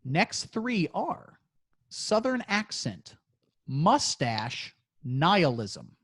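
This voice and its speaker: A man's voice: a little high, very animated, drawn-out words, fairly bright tone, slightly rough. A man co-hosting a crude comedy podcast and running a movie quiz, talking in a playful, teasing, mock-boastful way.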